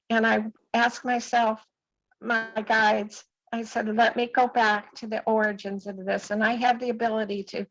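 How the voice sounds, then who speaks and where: Gravelly-voiced woman in her seventies. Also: a little high, fairly bright tone, dull audio, a little hiss or hum. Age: 70s. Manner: earnest, halting with restarts. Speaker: group call participant. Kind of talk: personal testimony.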